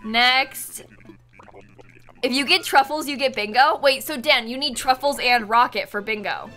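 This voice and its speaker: A woman's voice: sits high, unhurried, pushed and bright, faint music behind. A young woman chatting on a live stream while gaming, giggly and apologetic, thanking viewers as she plays.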